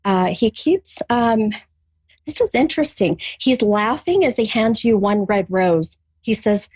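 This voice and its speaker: A woman doing a psychic reading for a caller, halting with many ums, then bursting into gushing excitement. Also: mid-range voice, slightly rough, dry recording, dull audio. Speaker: psychic medium. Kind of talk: live spirit reading with a caller.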